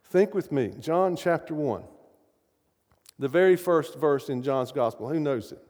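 A man's voice: on the high side, animated, a little slow, a little mellow, big-room sound. A middle-aged man preaching a sermon, emphatic and often asking his audience questions.

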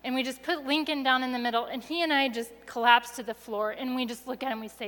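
A woman telling a personal story to an audience with expressive delivery, going soft and quiet at the tense moments. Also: high voice, fast, few pauses, long reverb tail.

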